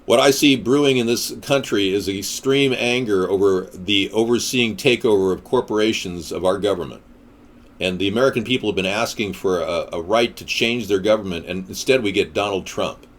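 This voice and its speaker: A man's voice: fairly low pitch, normal speed. A man delivering a ranting political monologue in a combative, sarcastic manner. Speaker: political commentator.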